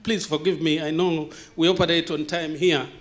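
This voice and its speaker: A man whose first language is not English speaks at a conference hall with fervour, piling up rhetorical questions and pausing for effect. His voice sits a little high for a man. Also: flat delivery. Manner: passionate, repeated rhetorical questions, dramatic pauses. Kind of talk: impassioned conference talk.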